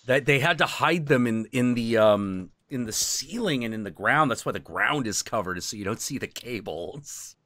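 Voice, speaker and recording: A man's voice: medium pitch, moderate pace, hardly any pauses. A man hosting a live stream, chatting casually and candidly, swearing freely as he tells stories. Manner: candid, swearing, animated storyteller. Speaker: stream host.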